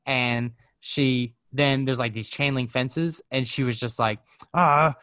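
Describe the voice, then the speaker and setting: A man's voice: medium pitch, fairly even intonation, measured pace, fairly bright tone, clean tone, no echo. A man telling a story in a casual chat, laid-back and profane, full of fillers. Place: living in Arizona.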